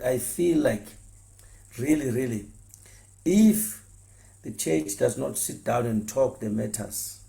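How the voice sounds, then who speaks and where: A former pastor, speaking earnestly and repeating himself, stumbling over words when heated. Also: male voice, medium pitch, vocal fry, mellow. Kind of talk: impassioned spoken address.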